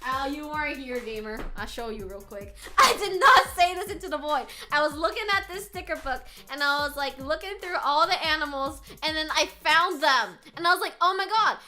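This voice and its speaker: A young woman streamer with a high, bright voice chats casually while running a quiz. She laughs often, reads chat aloud and swears freely. Soft music plays faintly behind her. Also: lively intonation, moderate pace, few pauses.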